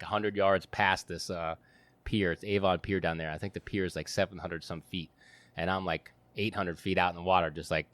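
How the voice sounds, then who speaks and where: A man with a fairly low voice tells a story in a loose, animated way, full of fillers and bursts of laughter. The sound is dry and close, with no room around it. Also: no echo. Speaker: podcast guest. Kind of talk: casual storytelling.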